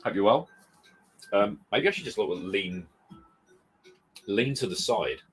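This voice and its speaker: Low-voiced man rambling on a live stream. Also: very animated, measured pace, soft background music. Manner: rambling, reads out viewer comments and greets them. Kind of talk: casual live-stream chat. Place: home room full of retro games. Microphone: desk mic moved close.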